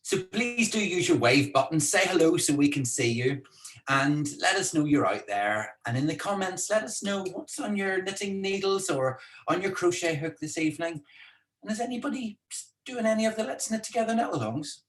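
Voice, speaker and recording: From indoors at home, a man co-hosts a casual live-streamed talk, chatting in a playful, teasing way. His voice sits high and is expressive, at a moderate pace.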